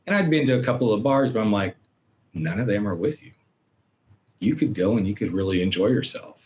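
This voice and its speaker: A middle-aged man as a podcast guest, telling a personal story in an animated way and acting out his own inner voices. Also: on the low side, brisk, highs cut off.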